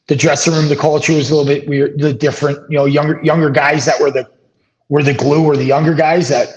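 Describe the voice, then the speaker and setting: A middle-aged man, a former hockey player, telling stories as an interview guest, relaxed and rambling with many fillers and restarts. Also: on the high side. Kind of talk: casual storytelling interview. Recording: dull lo-fi audio.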